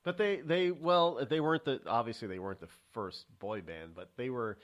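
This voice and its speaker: A man's voice: mid-range voice, normal speed. A man hosting a casual talk show, rambling with many restarts and fillers as he tells stories. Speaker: host. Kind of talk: casual chat.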